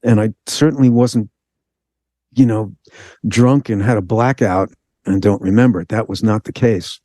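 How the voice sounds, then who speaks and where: A man telling a personal story in an interview, animated, acting out the voices of the people in it. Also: on the low side, normal speed, dry recording. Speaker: guest.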